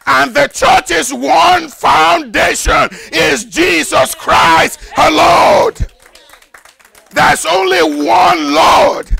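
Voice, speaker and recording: Gravelly, high-pitched older preacher. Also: male voice, extremely slow, a faint crowd. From Nigeria. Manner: fervent preaching, rises to shouted emphasis and repetition. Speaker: pastor. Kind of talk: sermon.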